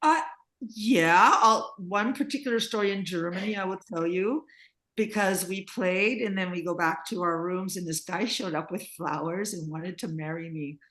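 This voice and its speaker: A woman's voice: on the low side, moderate pace, a bit bright. A woman interviewee telling rambling stories in casual chat, laughing often, over a video call. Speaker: interviewee, singer and composer.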